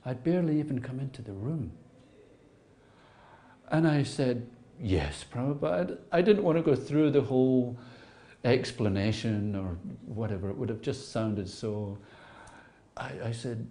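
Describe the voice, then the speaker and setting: A man recalling a personal memory in a reflective, storytelling way, often repeating words and dropping to soft asides. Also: medium pitch.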